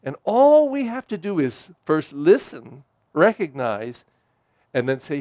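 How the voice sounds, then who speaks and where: Male pastor preaching, chatty, asks the folks questions, high voice swings all over, dry sound. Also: big pitch swings, measured pace, darkish tone, dry recording. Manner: conversational preaching with direct questions to listeners. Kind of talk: sermon.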